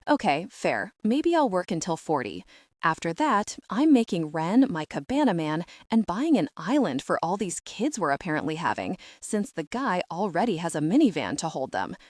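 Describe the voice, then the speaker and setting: A woman's voice: on the low side, very animated, normal speed, no echo, clean studio sound. Woman voicing a wry, blunt young woman. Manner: wry, joking.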